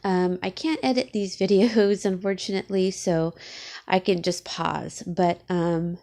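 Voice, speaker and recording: A woman talking casually to her viewers from her garage, tearful and sniffling, halting with many fillers. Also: lowish voice, fairly even intonation, gravelly, a little mellow. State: teary from crying. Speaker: vlogger. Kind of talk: casual vlog talk. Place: home garage.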